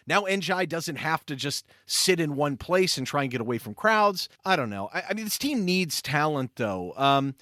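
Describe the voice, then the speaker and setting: A man's voice: fairly high pitch, dry recording, clean studio sound. A man co-hosting a sports podcast, talking casually and getting heated and exasperated. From United States. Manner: animated, gets heated and exasperated. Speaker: podcast co-host.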